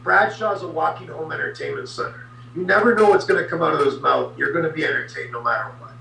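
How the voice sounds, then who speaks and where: A man's voice: fairly high pitch, fast, creaky, sharp tone, roomy sound, far from the mic, poor audio. A man guest animatedly telling an anecdote in a podcast interview, adding sound effects.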